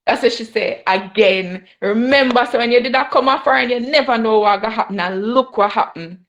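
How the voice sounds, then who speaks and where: A woman's voice: fairly high pitch, measured pace, few pauses, fairly bright tone. A young woman with a Jamaican accent, sharing an emotional personal testimony at a Bible study and mixing patois with English. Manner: mixes Jamaican patois with English, laughs often.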